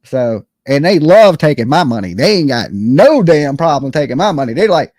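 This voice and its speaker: A man's voice: a little high, sing-song, normal speed, a little mellow, no echo, clean studio sound. Profane joking man ranting to his audience. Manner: boastful, profane, jokey, keeps asking "you know what I'm saying". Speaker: online show host. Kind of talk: casual ranting monologue.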